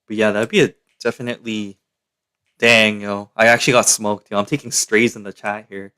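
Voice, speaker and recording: A man's voice: fairly low pitch, level tone, fairly quick, bright, forceful tone, clean tone. A young man from Canada, chatting casually and slangily to his live-stream chat.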